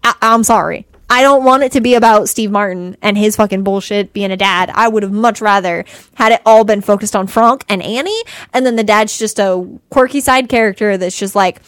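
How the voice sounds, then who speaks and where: A young woman co-hosting a podcast, ranting in casual chat with animated sarcasm and frequent swearing. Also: mid-range voice, brisk, dry recording. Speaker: podcast co-host.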